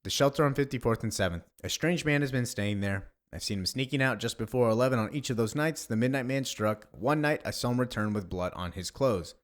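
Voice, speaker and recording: A man's voice: medium pitch, fairly quick, hardly any pauses, natural voice. A man voicing an eccentric older informant who talks in a genteel, fussy, cryptic way.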